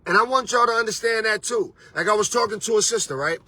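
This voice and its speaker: A man's voice: high-pitched, fast, bright, forceful tone, dry recording. A man hosting a motivational talk as a life coach, preachy and casual, with street slang and repeated "you understand".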